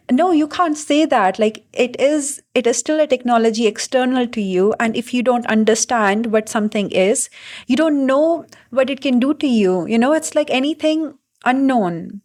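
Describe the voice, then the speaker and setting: A young adult woman talking through her thoughts in a reflective vlog monologue, halting and full of fillers and restarts. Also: a little high, a little mellow. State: briefly emotional. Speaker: vlogger.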